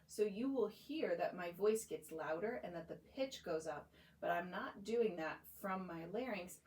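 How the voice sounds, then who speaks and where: A woman's voice: on the low side, reverberant, poor audio. A young woman working as a voice clinician, patiently guiding a client through voice exercises step by step with encouragement. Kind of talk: guiding a voice therapy session. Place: clinic room.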